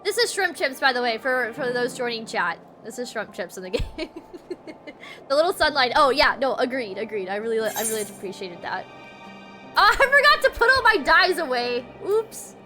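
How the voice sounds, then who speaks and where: A woman's voice: high-pitched, very animated, moderate pace. A woman streaming a video game, chatting in a bubbly way with her viewers. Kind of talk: casual gameplay commentary. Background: game music.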